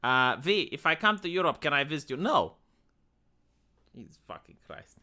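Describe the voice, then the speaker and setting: Animated, bright-voiced young man streaming. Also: on the high side, fairly quick. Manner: blunt, swears a lot, answers chat. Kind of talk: casual live-stream chat.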